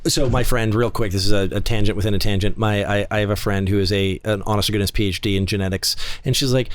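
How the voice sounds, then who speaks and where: Excitable man co-hosting a podcast. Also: on the low side, fast talker, few pauses. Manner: excitable, animated storyteller with big acted-out quotes. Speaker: podcast co-host. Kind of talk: casual chat.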